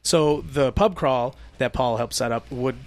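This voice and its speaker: A man's voice: mid-range voice, measured pace. A man co-hosting a casual podcast, rambling with many fillers and restarts. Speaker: podcast co-host. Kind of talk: casual chat.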